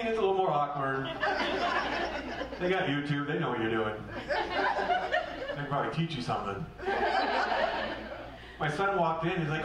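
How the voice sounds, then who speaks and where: Brash comic in an echoey club. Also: male voice, mid-range voice, big pitch swings, normal speed, long pauses, a loud crowd. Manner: brash, punchy, acts out characters. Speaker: stand-up comedian. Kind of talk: stand-up comedy set. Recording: echoey club recording from a distance, loud noise.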